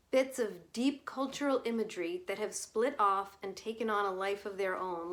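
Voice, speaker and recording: A woman's voice: medium pitch, close to an everyday voice. A woman voicing a glib, cynical male journalist who explains things away in a breezy, lecturing way.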